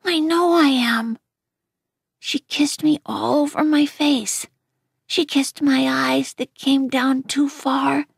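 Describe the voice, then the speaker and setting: A woman reading a novel aloud in an unhurried, even storytelling manner. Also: sits high, creaky, no room sound, studio quality. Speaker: reader.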